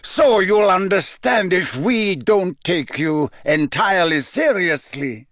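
A man's voice: high voice, lively intonation, takes it slowly, a bit bright, dry recording, pitched above the performer's own voice, full character voice. Man putting on a sneering, cold headmaster. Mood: cold mocking. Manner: mocking, condescending.

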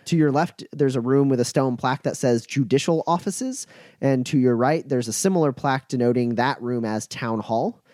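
A relaxed male game master narrates a tabletop game, scattering "uh" through his scene-setting. He speaks at an average pitch, and the recording is close and dry with no room sound. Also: moderate pace, dry recording. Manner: relaxed, full of fillers.

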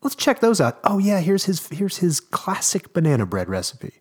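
Man, podcast co-host, casual chat, lively swooping voice, enthusiastic storyteller. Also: high-pitched, normal speed, slightly rough. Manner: animated storyteller, enthusiastic, jokey.

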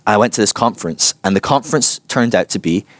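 A man giving a personal testimony talk, telling his story with animated, self-mocking humor. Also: lowish voice, fast talker, dry recording. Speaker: Christian teacher.

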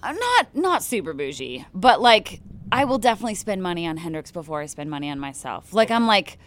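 A young woman, a touring country singer chatting in a casual interview, bubbly and quick to laugh. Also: lowish voice, big pitch swings, fairly bright tone.

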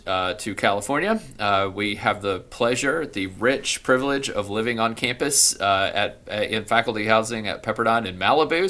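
A man's voice: on the low side, bright, forceful tone. A man in his forties with a Southern US accent, a law professor telling his story as a guest in an interview. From Deep South of the US. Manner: rambling, storytelling delivery. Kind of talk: conversational interview answers.

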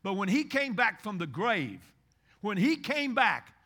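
This pastor from Kentucky has a high, ringing, sing-song delivery and keeps a measured pace through his sermon. Loud, urgent exhortation gives way to quiet intimacy, and he drives points home by saying key phrases again and again.

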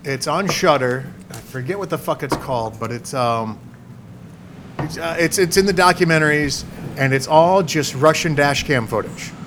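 A man's voice: fairly high pitch, normal speed, noisy background. A man co-hosting a casual podcast who teases the others dryly. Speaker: podcast co-host. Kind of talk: casual chat.

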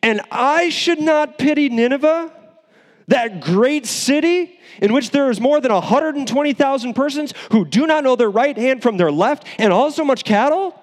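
A man's voice: very high-pitched, animated, brisk, mellow, in a large hall, voice pushed up. A man voicing God as sassy and exasperated, asking sarcastic, emphatic questions. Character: sassy God, male, exasperated with a sulking prophet.

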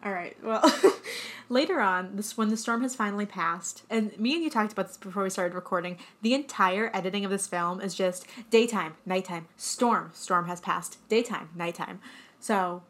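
A woman's voice: medium pitch, normal speed, a bit bright. A young woman co-hosting a podcast, recapping a film in casual, sarcastic chat full of "like". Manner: chatty, sarcastic, full of 'like' and acted-out quotes. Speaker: podcast co-host.

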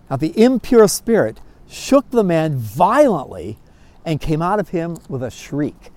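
Animated, folksy man teaching a Bible class. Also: high-pitched, a little slow, no echo. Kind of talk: storytelling Bible lesson.

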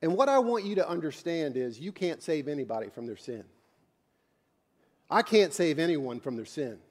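A man's voice: fairly high pitch, sing-song, normal speed. A man preaching as a pastor in a church, conversational and joking, with blunt asides to the congregation. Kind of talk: sermon.

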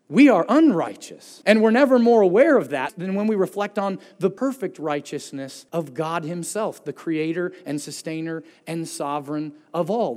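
A man preaching a sermon with a slightly raised voice, heard in a church hall with a long reverb. His delivery is earnest and emphatic. He climbs on key words and sinks low and soft at the end of each point. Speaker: pastor.

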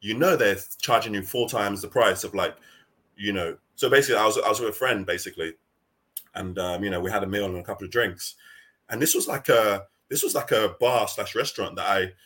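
A man's voice: fairly low pitch, brisk, fairly bright tone. A man in casual chat, earnestly telling a story with many repeated restarts.

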